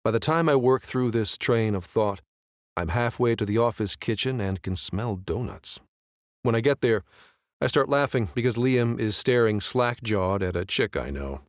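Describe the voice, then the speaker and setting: A man's voice: fairly low pitch, expressive, moderate pace, no room sound. A man narrating a first-person romance audiobook in a casual, wry, conversational way, close to the mic.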